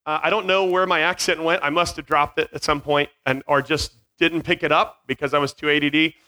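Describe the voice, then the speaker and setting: A man's voice: fairly high pitch, steady tone, a little fast, sharp tone. A man in his forties with no regional accent, joking with middle schoolers at a youth camp through a headset mic, self-mocking and jumping from tangent to tangent. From Virginia. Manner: scattered, self-mocking, jumps between tangents.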